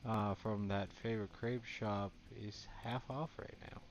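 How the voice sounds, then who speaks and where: A man's voice: fairly low pitch, fairly even intonation, a little slow, a little hiss or hum, lightly acted. A man reading the lines of a cheerful teenage girl model aloud from a game, in his own plain voice. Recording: dull lo-fi, faint game music.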